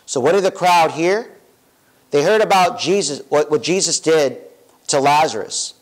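A man's voice: a little high, moderate pace, poor audio. A young adult man preaching as pastor in a church, informal and chatty, with self-corrections and asides. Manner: directs volunteers in a playful way. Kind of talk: sermon. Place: church sanctuary.

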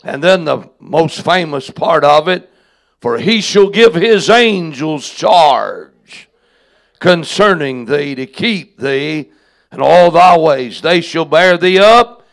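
A man serving as pastor, reading scripture in a solemn, deliberate sermon style. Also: fairly high pitch, animated.

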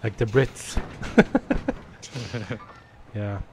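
Romanian man, game streamer, swears constantly, animated pitch, loud gunfire behind. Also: drawn-out words, background noise. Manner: swears a lot, switches between English and Romanian. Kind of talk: live gameplay commentary. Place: home streaming setup. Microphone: desk microphone.

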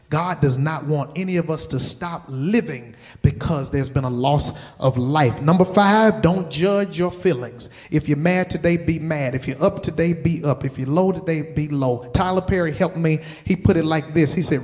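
A man's voice: a little high, normal speed, hardly any pauses, a little mellow. A man preaching a sermon as pastor, stressing points by repeating words and putting direct questions to his listeners. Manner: asks the congregation direct questions.

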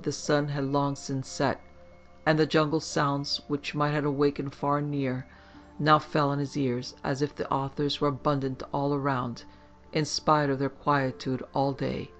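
A man giving a steady, measured scripted narration of a horror story. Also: a little high, vocal fry. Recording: faint background music.

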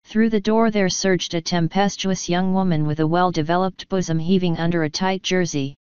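A woman reads an audiobook in a steady, measured way. Her voice is lowish and very clear, recorded dry and close with no room around it, though the sound is a little dull and lo-fi. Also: no room sound. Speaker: audiobook narrator. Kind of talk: scripted narration.

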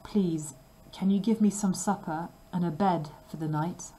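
A woman voicing a tired, hungry young boy who asks softly and politely for help in a storybook reading. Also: on the low side, measured pace, a little hiss or hum, close to an everyday voice, rough recording. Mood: pleading.

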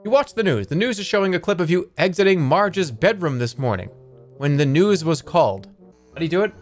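A man with a slightly raised pitch reads story text aloud from a game and breaks off into dry, joking asides laced with swearing. He talks in a loose, casual stream style. Faint music hums underneath. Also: animated, brisk. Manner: wry, joking, swears freely.

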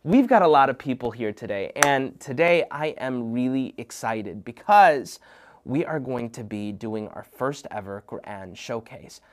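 A man's voice: medium pitch, a little slow. A man hosts a children's program with playful, upbeat energy. He addresses young viewers directly and jokes with them as he presents. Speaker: host of a kids' program. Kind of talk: lively kids' show presenting.

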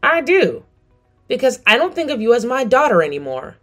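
A woman's voice: fairly high pitch, sing-song, quick pace, a bit bright, faint music behind. A middle-aged woman narrating her story and speaking coldly and firmly to her family. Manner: cold, firm. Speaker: narrator and mother.

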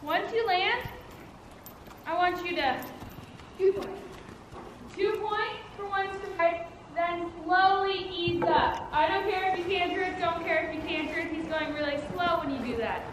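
A woman's voice: very high voice, unhurried, fairly bright tone. Young woman talking horses in an arena, blunt and instructive, roomy noisy recording. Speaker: rider, daughter of the vlogger. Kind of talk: casual talk during riding practice. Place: outdoor riding arena. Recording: echoey, with background noise.

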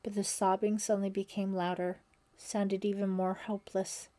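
A woman narrating a thriller audiobook in a steady, suspenseful storytelling manner. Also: medium pitch, normal speed.

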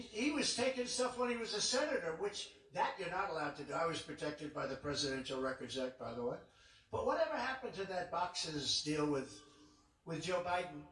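Rally speaker, man, fairly high voice, repetitive and emphatic, heard from a distance in a big arena. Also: fairly bright tone. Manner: repetitive, emphatic, rambling asides. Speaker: political candidate. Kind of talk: campaign rally speech. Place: large indoor arena. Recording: echoey arena, distant mic.

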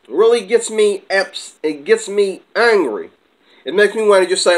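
A man with a fairly high voice rants to his viewers in a heated, combative way. He jumps between points, circles back, and presses each claim. At times he slows down and drops quieter. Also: lively intonation, low-quality recording. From America. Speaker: channel host. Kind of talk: heated vlog rant.

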